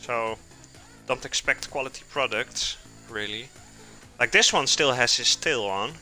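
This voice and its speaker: A man's voice: mid-range voice, measured pace, pushed and bright, faint music behind. A man hosting a live cooking stream, chatting casually with viewers and answering chat while he cooks in a home kitchen.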